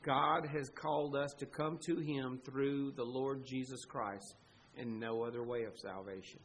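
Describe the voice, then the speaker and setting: A man's voice: mid-range voice, steady tone, a little slow, a bit bright, a little hiss or hum, low-quality recording. A man preaching a sermon as pastor, earnest and emphatic, pleading with his listeners.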